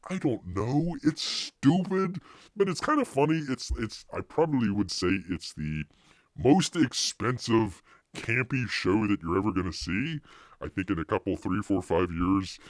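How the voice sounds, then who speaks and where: A man's voice: fairly low pitch, lively intonation, unhurried, no room sound, clean studio sound. A man hosting a live stream, chatting casually in a rambling way, with frequent restarts and laughter. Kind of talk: casual review chat.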